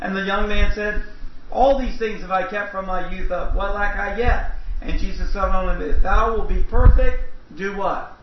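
A man preaching a sermon, reading long scripture passages aloud and breaking in with quick questions to the congregation. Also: high-pitched, fairly even intonation. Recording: roomy, distant, dull lo-fi sound with faint noise.

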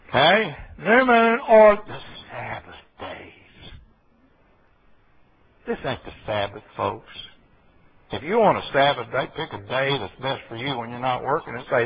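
On a dull lo-fi recording, a man with a high, breathy voice preaches a folksy sermon. He wanders into rambling asides and keeps checking in with his listeners.

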